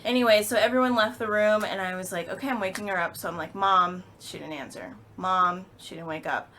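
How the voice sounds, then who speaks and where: A young woman in her twenties, a vlogger, telling an emotional personal story with halting speech and many fillers. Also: medium pitch, a little hiss or hum.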